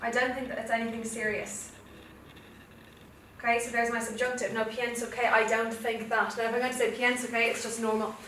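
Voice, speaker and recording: Heard from a distance in an echoey classroom with faint noise, a young Irish woman runs a Spanish revision lesson, explaining each step and often checking "okay?". Her voice is on the high side and a bit bright, level in tone, and a little fast.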